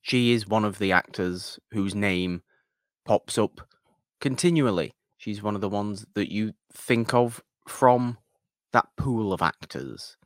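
A man's voice: lowish voice, takes it slowly, dry recording, clean studio sound. A British man co-hosting a podcast, chatting casually in a playful, mock-offended way. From Britain. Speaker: podcast co-host. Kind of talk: casual chat.

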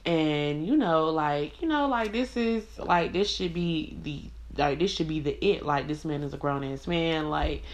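A woman telling a frank, profane storytime to camera. Her voice sits low for a woman and runs loose and chatty, thick with "like" and "you know". It comes across as an unscripted personal story, told straight to the viewer. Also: steady tone, measured pace, few pauses. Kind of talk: casual storytime monologue.

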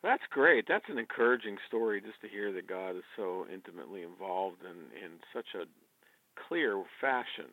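A low-pitched man hosts a casual interview and keeps his replies brief and encouraging. His voice is gravelly, and the sound is dry and thin like a phone call. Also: lively intonation, moderate pace, no echo. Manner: brief affirming responses. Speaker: podcast host. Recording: dry, phone-like narrow band.

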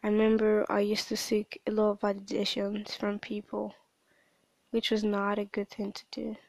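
A young woman recording a reflective voice diary at home on her phone, speaking softly and hesitantly with frequent restarts. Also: medium pitch, completely flat delivery, gravelly, dry recording. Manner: soft-spoken, hesitant, halting with restarts. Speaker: personal audio diarist. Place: at home at night.

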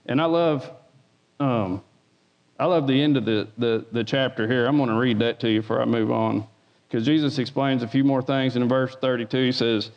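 A man's voice: mid-range voice, normal speed. A man giving an informal sermon as a lay preacher, folksy, repeating words and asking the room for an amen. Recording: dull sound with long hall reverb.

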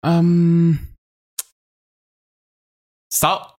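A man's voice: on the high side, completely flat delivery, extremely slow, darkish tone. A man from Thailand, a guest whose first language is Thai, playfully giving short answers in English with a lot of laughing. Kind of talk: casual interview chat.

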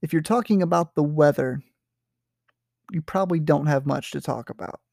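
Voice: medium pitch, normal speed, creaky, a little mellow, dry recording, clean studio sound. A teacher explaining a short story in a casual, hesitant way, with many fillers and checks for understanding. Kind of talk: literature lesson, explaining a story.

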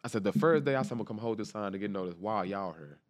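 Man, low voice, rapid animated storyteller, interview guest. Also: no room sound, clean studio sound. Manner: animated, quick storytelling with slang and repeated quotes. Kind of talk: casual storytelling.

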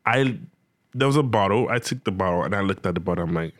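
A man's voice: low voice, fast talker, no echo, clean studio sound. Slangy young man telling a funny story. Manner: animated, slangy, acts out his own reactions. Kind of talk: casual comic anecdote.

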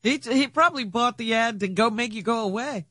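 A radio co-host trading quick teasing quips in casual banter. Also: mid-range voice, sharp tone, dry recording, clean studio sound.

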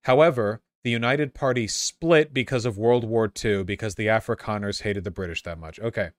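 A man's voice: lowish voice, moderate pace, no room sound. A man reading a history text aloud and breaking off into casual, sarcastic asides, often stumbling and repeating words.

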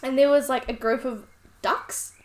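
A woman's voice: sits high, fairly even intonation, moderate pace, a little mellow. A young woman from New Zealand with a New Zealand accent, co-hosting a podcast and reacting with gasps and exclamations. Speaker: podcast co-host. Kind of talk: casual chat.

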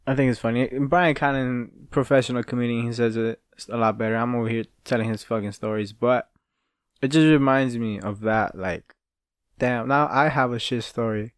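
A man's voice: mid-range voice, steady tone, normal speed, no room sound, clean studio sound. Rambling, foul-mouthed male podcast host. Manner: rambling, profane, laughing at his own stories. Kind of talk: casual solo storytelling.

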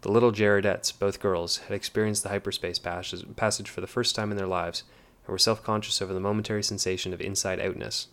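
A man narrating an audiobook in a measured, even way. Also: fairly low pitch.

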